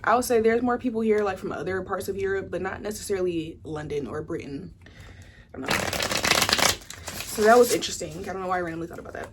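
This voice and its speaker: A woman's voice: mid-range voice, fast. Young woman, mid-range voice, casual rambling tarot reader, faint room hum behind. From Southern United States. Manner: chatty, rambling, full of "like" and "you know". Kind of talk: casual pick-a-card tarot reading.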